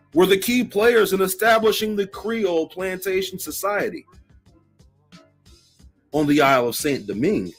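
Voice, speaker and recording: Brief: male host reading history aloud, animated delivery, soft music bed. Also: sits high. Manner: reads quotations aloud with emphatic stresses. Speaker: channel host.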